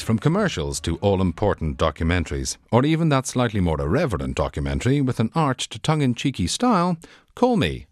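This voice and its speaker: A low-voiced man in a dry, close studio sound. He reads his comic self-promotion in a deadpan announcer style, with pitch that swings widely. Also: no echo. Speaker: voiceover artist.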